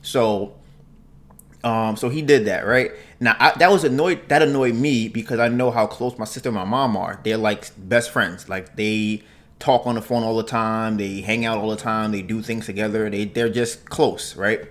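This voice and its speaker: A man hosting a podcast, telling a story in a casual, animated way and tagging phrases with "right?". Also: fairly low pitch, normal speed. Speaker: podcast host.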